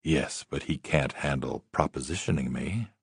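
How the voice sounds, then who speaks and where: A man reading a dry-witted, self-assured young woman in a story, teasing and unhurried. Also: a bass voice, gravelly, slightly rough, no room sound, voice pushed down, heavily acted.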